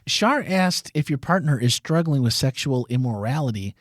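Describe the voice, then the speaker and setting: A man's voice: mid-range voice, expressive, normal speed, dry recording, clean studio sound. A man co-hosting a church talk show, reading listener questions and agreeing with short affirmations. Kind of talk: casual chat.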